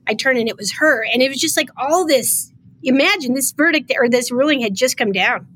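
A woman's voice: high voice, a little fast, fairly bright tone, slightly rough. A woman guest on a podcast, telling a painful personal story with emotion, close to tears, in an earnest way with many fillers.

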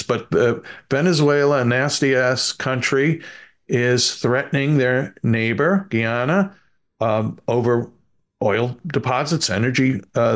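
A man's voice: mid-range voice, creaky. A man with a Bronx accent, cohosting a podcast in casual chat, hesitant with many fillers. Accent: Bronx, New York.

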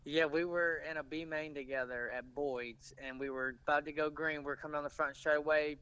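A man's voice: fairly high pitch, fairly even intonation, fairly quick, few pauses, sharp tone, clear, resonant tone, poor audio. A man, a race driver guest telling stories in a laid-back, casual way. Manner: laid-back storytelling with laughs. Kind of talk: casual interview chat.

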